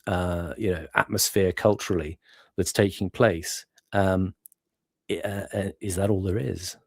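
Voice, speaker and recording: A man's voice: on the low side, a little mellow, no room sound, clean studio sound. A middle-aged man from Hartlepool with a Northeast English accent, hosting a casual conversation and talking in a rambling, hesitant way. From Hartlepool, England. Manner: rambling, hesitant, laughs often. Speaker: podcast host.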